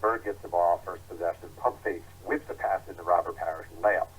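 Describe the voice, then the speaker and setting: Low-voiced man telling lively stories. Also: brisk, slight background noise, poor audio. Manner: animated storyteller acting out quotes. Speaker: author guest. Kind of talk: interview storytelling.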